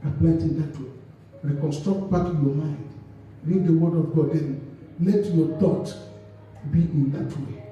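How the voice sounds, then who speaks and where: High-voiced male pastor in an echoey hall. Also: fairly even intonation, measured pace, long pauses, warm tone, dull audio, soft background music. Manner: call-and-response preaching, asks the congregation to finish his sentences. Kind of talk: sermon. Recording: echoey hall recorded from far off.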